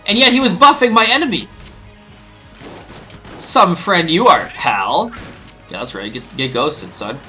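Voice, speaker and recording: Lively, excitable man commenting on gameplay. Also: fairly high pitch, a little slow, pauses often, soft background music. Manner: rambling, joking, excitable. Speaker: let's play host.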